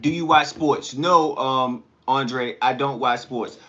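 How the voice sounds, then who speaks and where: A man hosting a casual livestream, chatting with viewers and telling stories in a slangy, animated way. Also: mid-range voice, slow, highs cut off. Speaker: livestream host. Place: home kitchen.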